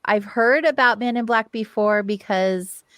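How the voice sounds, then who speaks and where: A woman's voice: on the high side, unhurried, a bit bright, smooth, dry recording. A woman hosting a casual interview, asking questions in a friendly way. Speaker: host.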